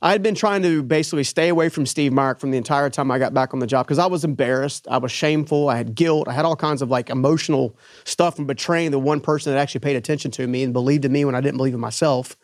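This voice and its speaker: Animated storytelling man, dry sound. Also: medium pitch, quick pace, hardly any pauses, no echo. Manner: animated storyteller acting out quoted voices. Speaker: business owner guest. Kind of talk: storytelling in an interview.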